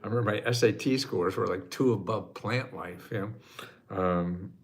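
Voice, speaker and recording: An American man in his eighties hosting a casual livestream chat, self-mocking and quick to laugh, sometimes choking up with emotion. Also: fairly low pitch. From United States. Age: 80s. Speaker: host answering viewer questions.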